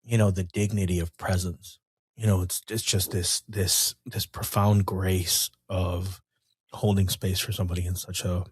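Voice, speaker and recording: Deep-voiced earnest podcast host. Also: male voice, little pitch movement, moderate pace, a little mellow, breathy edge, no echo, clean studio sound. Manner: earnest, with frequent murmured agreement. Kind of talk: podcast conversation.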